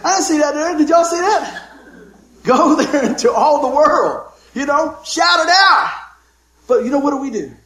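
A man's voice: extremely high pitch, animated, normal speed, pushed and bright, roomy sound, low-quality recording. A middle-aged man preaching a sermon, telling folksy jokes and stories and calling out for amens from the congregation. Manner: folksy, joking storyteller with call-and-response amens. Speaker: pastor.

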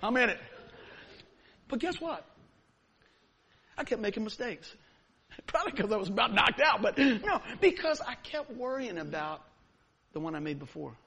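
A man preaching a sermon, telling a story with lively, acted-out moments. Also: high voice, normal speed, creaky, pauses often, slightly rough. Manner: animated storyteller, acts out scenes. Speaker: pastor.

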